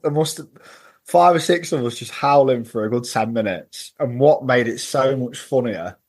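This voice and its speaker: A man talks as a guest on a podcast, telling stories from football trips in a loose, chatty way. His voice sits at an ordinary middle pitch, and he often laughs while he recounts things. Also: moderate pace. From England. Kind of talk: casual storytelling chat.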